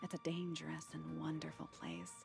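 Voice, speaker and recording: An actress voicing a wise, mysterious woman guide in a video game, with a calm, knowing delivery. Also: low voice, normal speed, creaky, full character voice. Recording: game audio with music.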